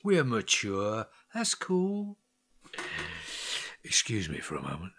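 A man's voice: on the low side, wildly swooping pitch, slow pace, fairly bright tone, full character voice. An actor playing a sly, manipulative man who likes to win. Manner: sly, teasing, ruthless.

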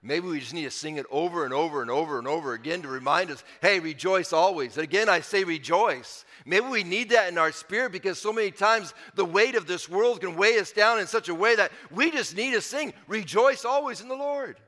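Man, pastor, earnest conversational sermon with repetition, high and bright, long hall reverb. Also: fast talker, few pauses. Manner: earnest, conversational preaching with repeated phrases and emphatic swells.

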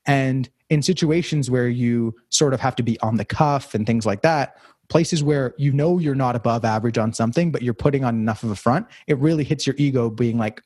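A young man with a slightly husky voice talks in a loose, reflective way, circling back and restarting his sentences. The sound is dry and close, with almost no room around it. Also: medium pitch, brisk, darkish tone, dry recording. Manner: rambling, reflective, many fillers and restarts. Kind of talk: casual conversation.

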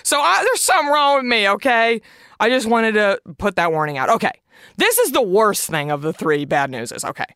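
A woman's voice: mid-range voice, big pitch swings, a little fast, fairly bright tone, dry recording, clean studio sound. A woman hosting a podcast alone, chatting in a confessional, emphatic way and swearing freely. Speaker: podcast host. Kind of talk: casual solo podcast chat.

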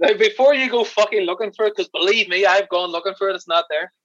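An Irish man tells lively, profane stories at a quick clip. His voice is bright and a touch high, recorded dry with a slightly dull, lo-fi sound. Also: no echo. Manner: animated, swearing, laughing storyteller. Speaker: podcast guest, special effects crew member. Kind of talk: casual storytelling chat.

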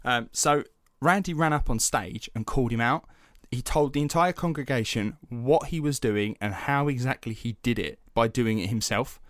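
A young man hosting a podcast, telling a story in an animated, casual way, swearing freely and using lots of fillers. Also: mid-range voice, normal speed, hardly any pauses, no room sound, clean studio sound. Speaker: podcast host.

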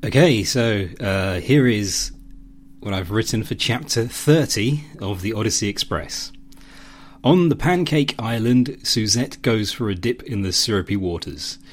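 Solo podcast host, man, low-pitched, hesitant and casual. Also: a little slow. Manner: hesitant, many ums and restarts.

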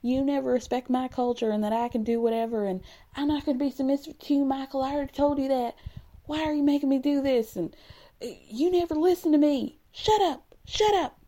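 Woman doing a shrill, screechy wife character, high-pitched and combative, ranting at her husband. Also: a little fast, warm tone, natural voice. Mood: defiant yelling. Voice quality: screeching, strident.

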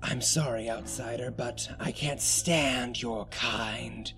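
A man's voice: medium pitch, fairly even intonation, takes it slowly, bright, forceful tone. Man playing a sour demon-hating fighter, dry mutters, faint music under. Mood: grumbling. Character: grumpy male warrior who hates demons.

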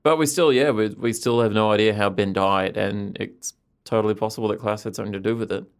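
A man's voice: fairly low pitch, fast talker, smooth. A man co-hosting a podcast in casual chat, giving short reactions and dry remarks, sometimes restarting his sentences. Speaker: podcast co-host.

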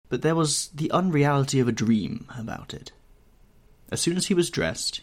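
A man reading a classic novel aloud as an audiobook narrator, in an expressive, measured storytelling manner. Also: lowish voice. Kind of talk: scripted narration.

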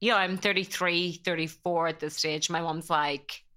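A woman's voice: on the low side, steady tone, moderate pace, pushed and bright. An Irish woman in her thirties, a podcast guest talking in a chatty, rambling way and getting openly emotional. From Ireland. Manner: chatty, rambling, heavy use of "like". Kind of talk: casual interview chat.

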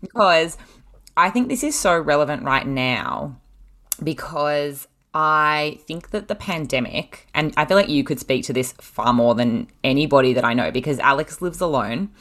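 Aussie woman hosting a podcast, really deep voice for a woman, frank and sweary. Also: animated, moderate pace, fairly bright tone. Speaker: podcast host. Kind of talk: casual chat.

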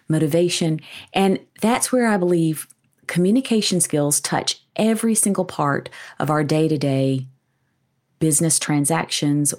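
A woman's voice: low voice, a little mellow. A woman author and communication coach answering interview questions in an upbeat, explanatory way, often adding tag questions.

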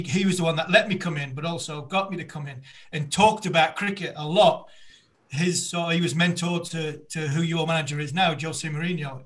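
A man, a former fast bowler, interviewing a guest in a relaxed sports chat and rambling through anecdotes. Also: on the high side.

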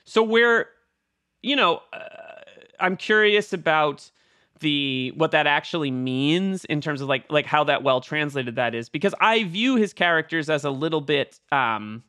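A man co-hosting a casual film discussion, animated and digressive, who sometimes acts out lines in a theatrical voice. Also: a little high, unhurried, smooth, no room sound, studio quality. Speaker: podcast co-host.

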